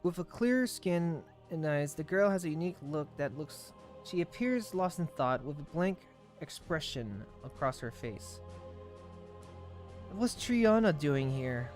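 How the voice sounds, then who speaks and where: A male streamer reading a game's story text aloud with quick asides, often stumbling and correcting himself. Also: on the high side, expressive, a little mellow. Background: faint game music.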